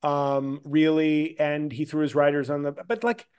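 A man's voice: a little slow, clean tone. A man guesting on a comedy podcast, telling stories in casual chat and acting out other people in a whiny raised voice. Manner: animated storyteller, acts out others in a high whiny voice.

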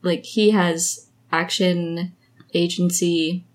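With a fairly low pitch and fairly even intonation, this young woman takes it slowly as she co-hosts a casual podcast, chatting, telling stories and laughing often.

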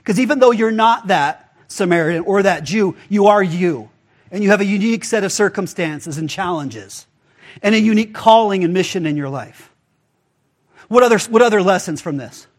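A man with a high voice preaching in a loose, conversational way. He talks to the congregation like friends and slips into little acted-out voices for the people in his stories. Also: moderate pace. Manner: casual and animated, acts out quoted voices. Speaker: pastor. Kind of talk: conversational sermon.

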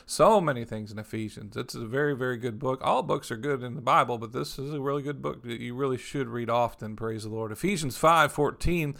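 A man preaching a sermon as pastor, filling pauses with "amen" and "praise the Lord", slowing down to read scripture aloud. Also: mid-range voice, creaky, a bit bright. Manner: repeats "amen" and "praise the Lord" between sentences, reads scripture slowly.

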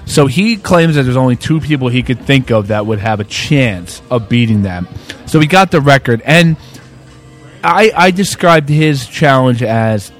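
A man co-hosting a podcast in casual chat, rambling with many restarts, recorded in a resort bar. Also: medium pitch. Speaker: podcast co-host. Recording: faint bar music behind.

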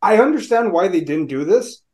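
Lively high-voiced man, swearing. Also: moderate pace. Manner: animated, swears freely. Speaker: podcast co-host. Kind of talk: casual chat.

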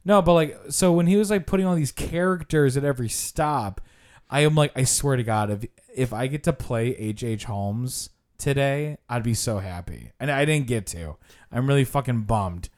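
A man's voice: medium pitch, normal speed. A man hosting a podcast, telling a story casually with lots of swearing and fillers. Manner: animated, profane storytelling with frequent "like". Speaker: podcast host. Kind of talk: casual chat.

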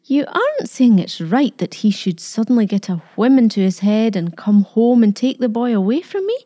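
A woman's voice: a little high, big pitch swings, moderate pace, mellow. A woman doing a defiant old grandmother. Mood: pleading. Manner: defiant, pleading, trembling. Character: proud, fiercely loving old grandmother.

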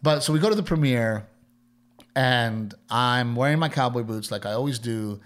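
A man from Texas with a Texan accent, co-hosting a podcast and telling a story in a lively way, laughing as he acts out what people said. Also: mid-range voice, normal speed. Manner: animated storyteller, laughs through his lines, acts out quoted people. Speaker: podcast co-host. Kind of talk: casual storytelling chat.

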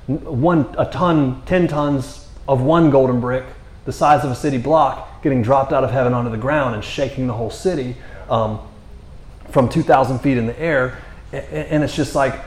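A man's voice: medium pitch, moderate pace, darkish tone, echoey room. A man preaching a passionate, conversational sermon from a church stage, often asking "you know what I mean?". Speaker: pastor. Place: church sanctuary.

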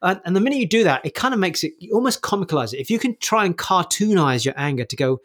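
Male podcast co-host, husky, rapid-fire coaching chat full of restarts. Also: high-pitched. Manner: rapid, animated explanations with many restarts. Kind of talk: casual conversational podcast talk.

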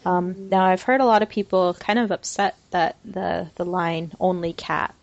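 A woman hosting a casual podcast chat, breezy and quick to laugh, running the segments. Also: on the low side, steady tone, creaky, dry recording, highs cut off. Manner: breezy, laughing, runs the show. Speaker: podcast host.

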